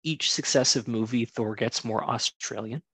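A man hosting a relaxed film chat, his voice sitting at an ordinary middle pitch. He talks at length and tosses in opinionated asides. The sound is close and dry, with no room around it. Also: normal speed, breathy edge, no echo. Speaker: podcast host. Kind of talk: casual movie watch-along chat.

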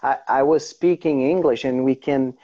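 French-accented man, dark halting speech. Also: mid-range voice, steady tone, highs cut off. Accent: Quebec French. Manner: halting, searching for English words. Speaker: actor guest. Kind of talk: casual interview.

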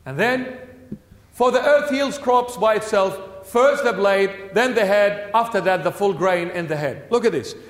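A man's voice: sits high, moderate pace. A man preaching a sermon as a bishop, emphatic, with repeated phrases and rhetorical questions. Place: church. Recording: echoey church hall.

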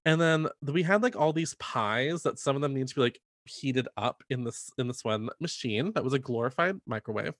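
A man's voice: medium pitch, fairly quick, hardly any pauses, a bit bright, no room sound, studio quality. A young man casually telling a long personal story, full of fillers and quotes he acts out. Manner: chatty, full of "like" and acted-out quotes. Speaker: podcast co-host telling a story.

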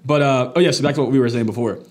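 A young man hosting a casual faith podcast, loud and quick to laugh, telling animated stories. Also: mid-range voice. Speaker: podcast host. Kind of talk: casual chat.

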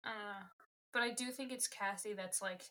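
A woman co-hosts a podcast, dropping in wry, joking comments during a casual conversation. Her voice is bright and clear. Her pitch sits in the middle of the range. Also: normal speed. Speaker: podcast co-host. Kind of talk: casual chat.

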